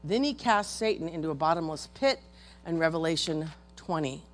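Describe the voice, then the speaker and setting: A woman preaching a sermon in a folksy, animated manner, with joking asides to her congregation. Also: low-pitched, moderate pace, soft background music.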